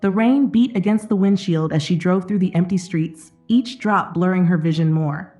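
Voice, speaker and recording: A woman tells an emotional drama in a steady, scripted narration, her voice set fairly low. Soft music runs faintly beneath her words. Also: normal speed.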